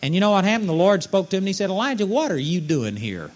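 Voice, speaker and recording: A man's voice: high voice, big pitch swings, quick pace. A man preaching a sermon, telling stories and acting out the voices of the people in them. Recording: dull lo-fi sermon recording.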